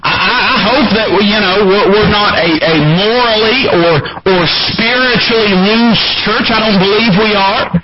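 A man preaching a sermon as pastor, emphatic and climbing higher in pitch to drive points home. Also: a little slow, hardly any pauses, very noisy. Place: church sanctuary. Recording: muffled lo-fi church recording with congregation.

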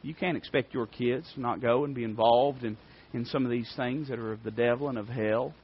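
A man preaching a sermon with fervor, swinging between quiet asides and loud declarations. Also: medium pitch, steady tone, fairly quick, husky. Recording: dry, dull lo-fi sound.

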